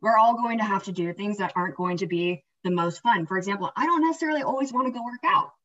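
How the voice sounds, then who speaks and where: A woman co-hosting a podcast gives an upbeat, rambling pep talk, checking in with "right?" as she goes. Her voice sits at an ordinary pitch for a woman. The sound is a little far from the mic and somewhat dull and lo-fi. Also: fast talker. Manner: energetic, rambling, peppered with "right?" and "like". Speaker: podcast co-host. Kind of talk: casual motivational chat. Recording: slightly distant, dull lo-fi sound.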